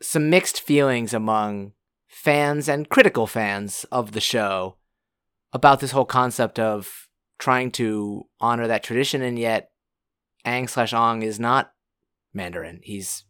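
A podcast co-host weighing opinions in a measured, thoughtful way during a casual film discussion. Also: medium pitch, a bit bright, clear, resonant tone, no room sound, studio quality.

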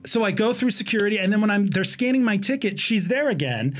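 A man in his forties telling a story in a casual podcast chat, profane and animated, acting out the other people in it. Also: high-pitched, fast, slight background noise. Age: 40s. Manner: animated, profane, acts out voices in his stories. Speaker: podcast co-host.

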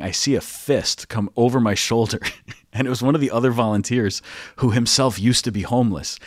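A man's voice: mid-range voice, no echo, clean studio sound. A man, a priest hosting a podcast, telling casual anecdotes with lots of laughter. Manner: animated anecdotes, frequent laughter. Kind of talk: casual storytelling.

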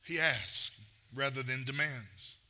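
Bright-voiced preacher man, playful sermon. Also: mid-range voice, lively intonation, slow pace, slight background noise. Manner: playful asides, acts out quotes in slang; builds to intense preaching. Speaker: pastor.

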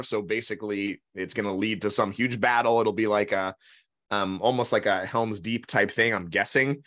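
A man co-hosting a podcast in casual chat, blunt and excitable, laughing often. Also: lowish voice. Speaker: podcast co-host.

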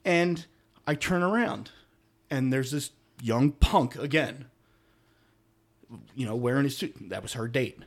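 A middle-aged man co-hosting a podcast, telling a story in casual chat, animated, with loud emphatic bursts and low muttered asides. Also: unhurried. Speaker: podcast co-host.

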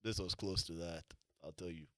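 A man in casual chat about movies, talking in slang with lots of "bro" and often trailing off into quieter asides. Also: low voice, steady tone, normal speed, no room sound, clean studio sound.

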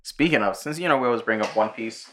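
A man co-hosting a podcast in casual, profane chat, retelling cartoon episodes and breaking into squeaky impressions. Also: expressive, quick pace, a bit bright, a little hiss or hum. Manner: profane, retells cartoon scenes with jumpy high-pitched impressions. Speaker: podcast co-host.

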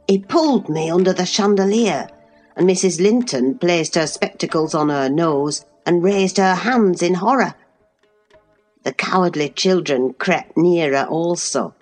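A woman's voice: lowish voice, a little slow, soft background music. Woman narrating a classic novel. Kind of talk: audiobook narration.

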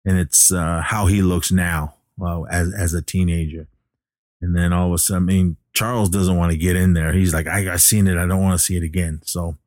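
A man casually recapping a film plot as a podcast host, halting with many fillers and restarts. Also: low voice, a little mellow, no room sound, studio quality.

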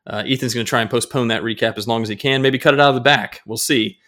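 Upbeat male podcast co-host, casual banter, average pitch. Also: fairly even intonation, fairly bright tone. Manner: upbeat, jokey, quick banter. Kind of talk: casual sports podcast chat. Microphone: podcast microphone.

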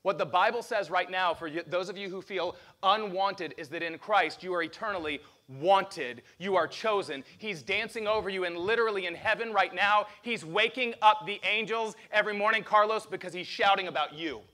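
A man preaching a lively sermon as pastor, asking the congregation questions. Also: sits high, normal speed, few pauses.

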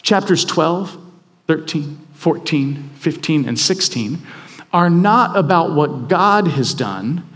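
A man's voice: on the high side, expressive, takes it slowly, a bit bright. A man preaching a sermon in a conversational, self-deprecating, emphatic way. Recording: long hall reverb.

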